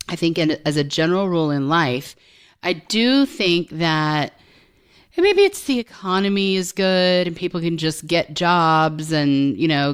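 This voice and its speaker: A woman's voice: low-pitched, smooth. A woman co-hosting a podcast, frank and casual, swearing freely. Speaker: podcast co-host.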